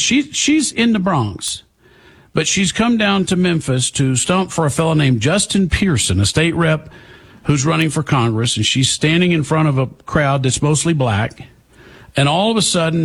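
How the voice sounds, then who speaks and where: Husky, sarcastic man hosting talk. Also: on the high side. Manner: sarcastic, emphatic, talks back to clips. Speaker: political talk show host. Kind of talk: opinionated commentary.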